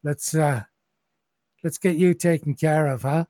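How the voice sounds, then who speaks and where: Man playing a soothing halfling fellow, slightly raised pitch. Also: unhurried, no echo, clean studio sound, close to an everyday voice. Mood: reassuring. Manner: gentle, reassuring. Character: buck-toothed male halfling, steady and gentle.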